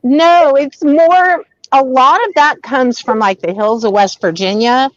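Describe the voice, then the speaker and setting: Woman co-host, slightly high, slow drawl, dry dull audio. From Texas. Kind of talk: casual chat.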